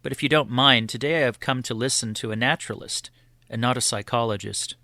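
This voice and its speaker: A man's voice: mid-range voice, fairly quick, pushed and bright, no echo, clean studio sound. A man voicing a skeptical male visitor who questions his host in a wry way.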